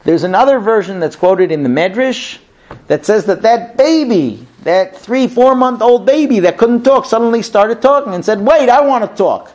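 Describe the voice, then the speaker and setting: This rabbi teaches Torah through a lively sermon, acting out the different people in the story as he tells it. His voice is high and his pace moderate.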